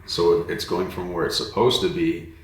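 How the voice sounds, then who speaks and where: A man's voice: sits low, level tone, moderate pace, a little hiss or hum. A man, a pastor hosting, talking thoughtfully and searching for words in a casual conversation. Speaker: host and pastor. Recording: very echoey room, faint background ambience.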